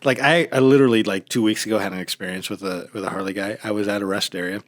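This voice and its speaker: A middle-aged American man telling stories in a casual chat, animated and mimicking other people's voices. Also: on the low side, quick pace, no room sound. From United States. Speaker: podcast guest.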